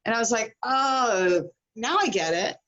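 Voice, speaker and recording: Animated storytelling woman, high-ish voice. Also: unhurried, lo-fi sound, background noise. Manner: animated, acts out quoted voices. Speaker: guest on a podcast. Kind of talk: casual storytelling.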